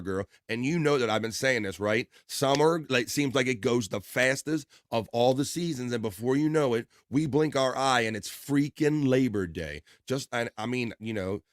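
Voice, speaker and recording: A man's voice: mid-range voice, no echo, studio quality. A man hosting a livestream, reading viewers' chat messages aloud in an upbeat, playful way and riffing on their names. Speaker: livestream host.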